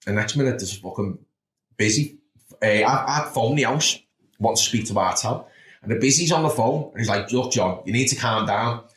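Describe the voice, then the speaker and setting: A man's voice: mid-range voice, expressive, moderate pace, fairly bright tone. A man in his thirties with a Liverpool accent, telling blunt, sweary stories about his past as a podcast guest. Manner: blunt and sweary, with frequent "do you know what I mean". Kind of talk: candid storytelling. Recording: roomy echo.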